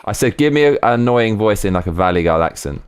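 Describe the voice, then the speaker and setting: Excitable male streamer, lowish voice with lively pitch, talks over a faint track in his home studio. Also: a little fast, over music. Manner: excitable, laughing, swearing, reading chat aloud. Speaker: streamer making music live. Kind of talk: casual livestream chat.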